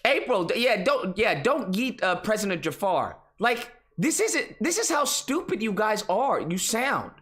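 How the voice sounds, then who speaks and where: A man's voice: high voice, sing-song, unhurried, hardly any pauses, a bit bright. A young man hosting an online commentary show, ranting in a casual, exasperated and profane way. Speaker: political commentary host.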